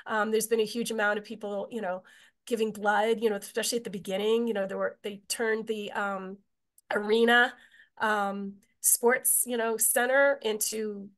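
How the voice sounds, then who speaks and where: A woman's voice: medium pitch, flat delivery, moderate pace. A woman from Israel, a tour guide, giving a meandering, chatty presentation over a video call. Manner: chatty, meandering, many filler words.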